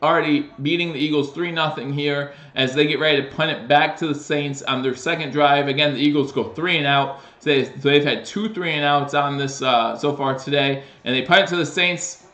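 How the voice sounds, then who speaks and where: A man's voice: on the high side, a little fast, roomy sound. A man hosting a live stream, giving casual play-by-play football commentary that picks up on big plays. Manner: casual, with fillers and restarts, rising excitement on plays. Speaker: host doing live play-by-play.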